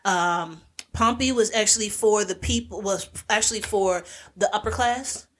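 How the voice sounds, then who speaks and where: A woman's voice: medium pitch, normal speed. A woman co-hosting a podcast, casually retelling history with slangy quoted voices and plenty of fillers. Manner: conversational, many fillers like "like" and "um". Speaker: podcast co-host. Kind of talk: casual storytelling chat.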